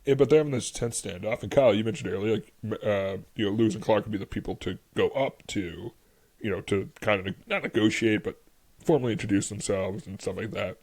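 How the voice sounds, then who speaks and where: A man's voice: fairly low pitch, fast talker, darkish tone. A man co-hosting a casual history podcast, telling the story in a loose, rambling way, full of "like" and frequent laughs. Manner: rambling, lots of "like", laughs often. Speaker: podcast co-host.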